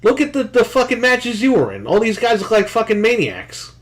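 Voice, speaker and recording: High-voiced man ranting and swearing. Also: wildly swooping pitch, a little fast. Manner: profane, loud, ranting. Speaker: podcast co-host. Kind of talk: casual podcast rant.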